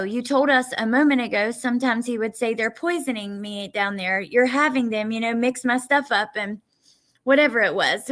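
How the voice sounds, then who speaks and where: A woman's voice: a little high, fairly bright tone. A woman hosting a livestream, reading an interview transcript aloud in a plain, conversational voice, giving both the questions and the answers. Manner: conversational, halting read with many fillers. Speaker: livestream host.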